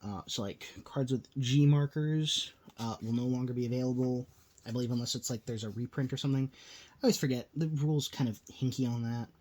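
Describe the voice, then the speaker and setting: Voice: medium pitch, fairly quick, darkish tone. A host giving casual, rambling commentary while opening card packs, a little tired and full of fillers. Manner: rambling, filler-heavy, self-deprecating.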